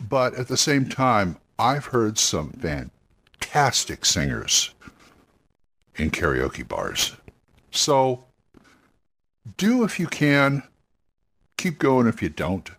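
A man's voice: mid-range voice, huge pitch swings, slow, pauses often, a bit bright, slightly rough. A man hosting a talk show about roleplaying games, speaking in a casual, rambling monologue that often corrects itself and encourages listeners. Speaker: podcast host giving roleplaying game advice.

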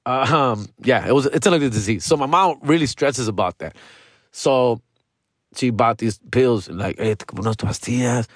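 A man rambling casually from his room at an ordinary pitch, his speech slangy and full of swearing. He keeps throwing in "dog" and "fool" and slips into Spanish now and then. The sound is dry and close, with no room echo. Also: lively intonation, moderate pace. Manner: slangy, profane, peppers talk with "dog" and "fool"; switches into Spanish mid-sentence. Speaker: vlogger. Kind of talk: casual personal monologue.

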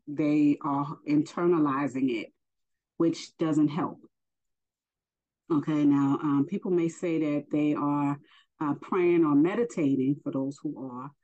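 A woman giving a casual spoken religious lesson, unhurried and hesitant with many fillers. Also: sits low, dark tone. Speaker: faith teacher. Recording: dull lo-fi recording.

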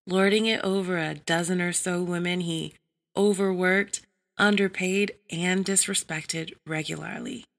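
Woman storyteller, low voice, gravelly fry, slow unhurried reading. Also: fairly even intonation. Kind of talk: adult story narration.

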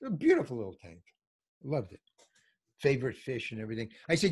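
A man's voice: brisk, pauses often, slightly rough. An older man telling a comic story in casual chat, acting out the people in it with big jumps in his voice. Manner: animated, acts out quotes with big pitch jumps. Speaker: comedian guest telling stories.

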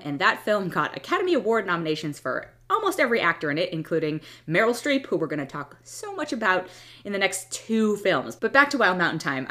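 A woman with a fairly low voice that swings widely in pitch as she talks. She reviews films in a blunt, exasperated, opinionated way, breaking off and restarting her sentences as she goes. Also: a bit bright. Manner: restarts and trails off mid-thought. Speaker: film reviewer. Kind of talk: casual movie review monologue.

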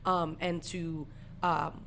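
A woman's voice: deep voice, flat delivery, very slow, vocal fry, fairly bright tone, a little hiss or hum. A young woman in her twenties, co-hosting a podcast, telling a story in casual, profane slang. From Puerto Rican family. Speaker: podcast co-host.

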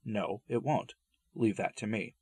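A man voicing a calm, persuasive male stranger who speaks softly and steadily while reading a story aloud. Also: fairly low pitch, unhurried, husky, no room sound. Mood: reassuring. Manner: soft, steady, reassuring. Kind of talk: read-aloud dialogue.

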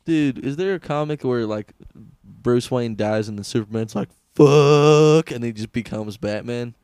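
A man's voice: mid-range voice, steady tone, moderate pace, mellow, smooth, no echo, studio quality. A man co-hosting a casual comedy podcast, riffing crudely and laughing a lot. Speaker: podcast co-host.

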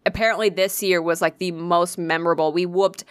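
A young woman casually telling an excitable, profanity-laced story, acting out the voices of the people in it. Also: fairly low pitch, a little fast, no room sound, clean studio sound. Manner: excitable, swears freely, acts out quoted voices. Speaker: convention volunteer telling a story.

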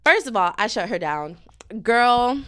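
A young woman hosting a podcast, chatting in an animated, candid way and calling her listeners girl and y'all. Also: on the high side, a little slow. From family from Dominica, lives in Houston. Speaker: podcast host. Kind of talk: casual personal chat.

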